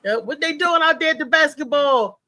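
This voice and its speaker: A woman's voice: high-pitched, normal speed, no room sound. A woman hosting a live talk show in casual banter, playful and nosy. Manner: playful, nosy questions, lively laughter. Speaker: show host.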